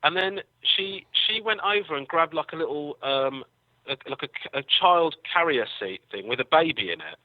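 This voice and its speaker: A man's voice: on the high side, expressive, normal speed, no echo, narrow, tinny audio. An English man, a comedian guest, telling rambling anecdotes with a dry, self-deprecating humor. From England. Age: young adult. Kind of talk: casual storytelling.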